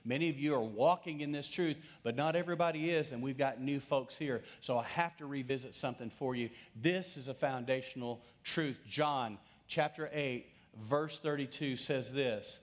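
A middle-aged man preaching a sermon as pastor, conversational, swinging from loud emphasis to hushed, slowed lines. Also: mid-range voice.

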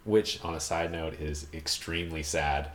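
A man's voice: rumbling low, fairly even intonation, moderate pace. A man from Ontario hosting a casual podcast chat, rambling and hunting for words with lots of fillers. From Ontario, Canada. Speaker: podcast host. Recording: echoey room.

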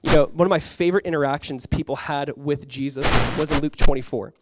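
A young male pastor preaching a sermon in a lively, conversational way, often dropping in "like" as he talks. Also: a little high, fast talker, noisy background. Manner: animated, conversational preaching with frequent "like".

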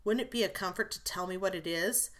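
Reading a part in an audiobook, this woman uses a lowish, fairly bright voice with light acting. She voices a spirited young woman who scolds briskly yet comforts her sister with tenderness.

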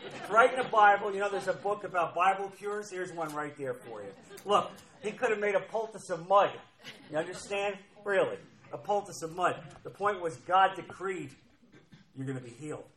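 A man's voice: high-pitched, moderate pace, sharp tone, low-quality recording. A man preaching a sermon, emphatic and repeating key phrases as he reads scripture aloud. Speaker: pastor.

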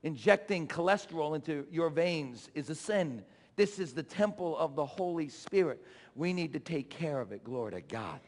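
Male pastor, impassioned sermon, high voice, gravelly, long church reverb. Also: animated, normal speed. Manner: impassioned preaching, builds to shouts then drops low; call-and-response exhortations. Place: church sanctuary.

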